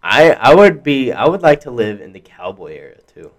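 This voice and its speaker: A man's voice: medium pitch, sing-song, moderate pace. A young man co-hosting a podcast in casual chat, blunt and profane, often restarting his sentences. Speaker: podcast co-host.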